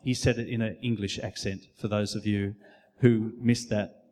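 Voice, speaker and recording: A man preaching a sermon in a church, earnest and measured, with occasional fillers. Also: on the low side, fairly even intonation, warm tone, slight background noise. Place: church hall.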